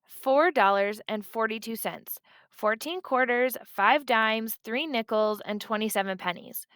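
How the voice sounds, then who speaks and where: A woman's voice: a little high, a little slow, a bit bright, smooth, no echo, clean studio sound. A woman voicing a nervous, eager eight-year-old girl in a storybook reading.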